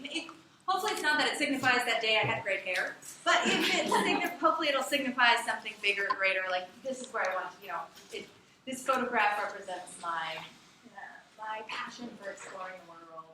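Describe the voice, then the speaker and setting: A woman teaching a class, talking in a chatty, animated way and often asking the students questions. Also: a little high. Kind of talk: classroom lecture. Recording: echoey classroom from far off, with background noise.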